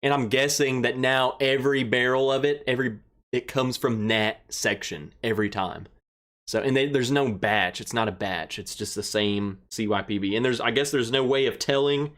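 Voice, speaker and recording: A young man hosting a casual livestream, who rambles, greets viewers by name and gets excited and emotional. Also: medium pitch, normal speed. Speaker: livestream host. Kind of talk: casual livestream chat, reading viewer comments.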